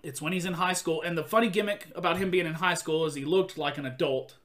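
A man hosts a casual podcast chat with a bright, clear tone and a voice a bit higher than most men's. He tells stories animatedly, acting out quotes and laughing often. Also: fairly even intonation, fast talker.

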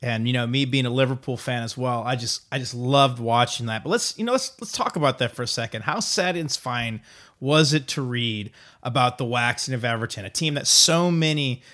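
A man's voice: mid-range voice, a little fast, fairly bright tone. A man co-hosting a casual sports podcast, joking and rambling with lots of fillers. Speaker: podcast co-host.

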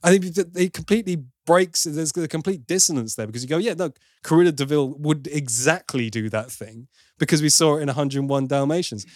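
A man's voice: a little high, fairly quick, no room sound, studio quality. Opinionated man reviewing a film. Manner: opinionated, playful mimicry of accents. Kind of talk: casual film review chat.

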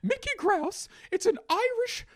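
Squeaky cartoon male hen, silly and sing-song, pitched way up. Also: animated, measured pace, dry recording, clean studio sound. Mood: goofy. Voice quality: squeaky, very high falsetto.

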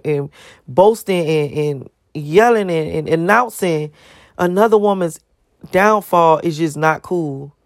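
With a lowish voice captured in a dry, studio-quality recording, a woman vlogger delivers a profane, emphatic rant to her viewers. She piles rhetorical question upon rhetorical question.

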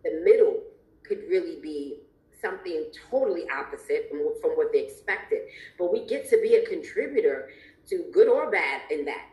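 A woman's voice: on the low side, animated, normal speed, a little mellow. A woman hosting a podcast interview, talking expressively and emphatically and laughing often. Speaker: podcast host. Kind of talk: casual interview chat. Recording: roomy echo.

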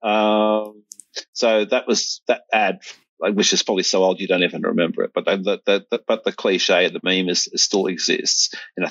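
A man's voice: sits low, little pitch movement, normal speed, fairly bright tone, no echo. A middle-aged Australian man in casual conversation, rambling with restarts and fillers. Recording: dull, lo-fi sound.

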